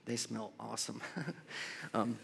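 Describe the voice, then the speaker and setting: A man's voice: mid-range voice, slow, vocal fry, a bit bright, husky. A man preaching a sermon in a church, talking in a loose conversational way with restarts and asides. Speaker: pastor. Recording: long echo of a large hall.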